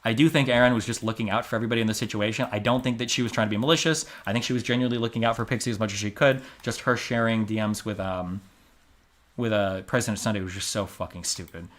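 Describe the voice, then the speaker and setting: A man in his thirties from the United States, a streamer giving blunt, emphatic commentary on a livestream, dropping to muttered asides between loud stressed points. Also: lowish voice, fairly even intonation, fast. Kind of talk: livestream commentary reading a court transcript.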